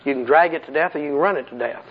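A man preaches in a folksy, conversational way and keeps putting rhetorical questions to his congregation. His voice sits a little high and sounds husky. The old recording is dull and muffled. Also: rapid-fire. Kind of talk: sermon.

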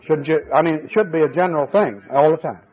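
A man preaching a fervent sermon at a church service, his voice swinging between high exclamations and low, confiding asides. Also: quick pace, slightly rough. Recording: tinny old cassette tape recording.

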